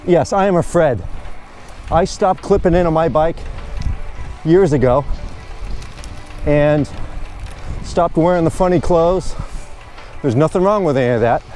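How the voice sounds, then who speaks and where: Male vlogger, slightly high voice, chatty and rambling, outdoors on a bike, faint music under. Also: measured pace, pauses often, a little mellow. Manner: chatty, rambling, good-humored. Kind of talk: casual narration while cycling.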